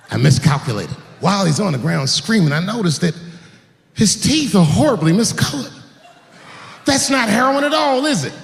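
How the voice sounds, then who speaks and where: A man performing profane stand-up comedy on stage, acting out stories with shouted sound effects. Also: sits high, creaky. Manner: profane, animated, full of acted-out sound effects. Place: stage in a large hall. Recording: echoey hall, faint noise.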